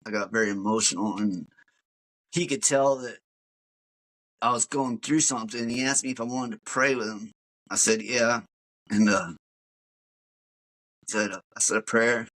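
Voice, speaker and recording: A man's voice: fairly low pitch, normal speed, pauses often, fairly bright tone, rough recording. Man telling his story in rambling casual talk. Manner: rambling, filler-heavy, says dude. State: emotional. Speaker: podcast guest. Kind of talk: casual personal testimony.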